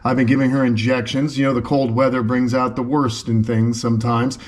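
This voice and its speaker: Medium-pitched and level in tone, the man talks fairly quickly as he hosts a casual vlog at a turtle and tortoise sanctuary. He addresses the camera and the animals with enthusiasm, recorded indoors on a camera mic.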